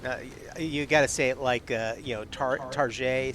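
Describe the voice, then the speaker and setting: A man's voice: mid-range voice, fairly even intonation, brisk, a bit bright, soft background music. A man in casual live-stream chat, hosting as game master and making upbeat, chatty announcements.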